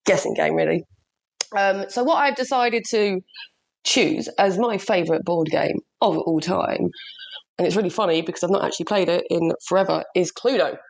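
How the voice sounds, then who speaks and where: A woman's voice: fairly low pitch, moderate pace, creaky. Chatty woman co-hosting. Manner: chatty, laughs often, swears. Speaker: podcast co-host. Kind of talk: casual chat.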